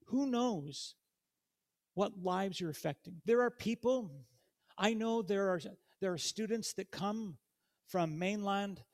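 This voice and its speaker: A man preaching a sermon in a church, reading scripture aloud and putting questions directly to the congregation in a conversational way. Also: high voice. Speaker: guest preacher.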